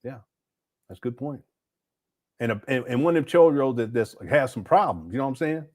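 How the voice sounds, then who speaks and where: A man's voice: mid-range voice, lively intonation, fairly quick, darkish tone. A man hosting a casual livestream, commenting on clips and scolding the person in them. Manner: casual, scolding, talks back at the clip. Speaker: host reacting to clips.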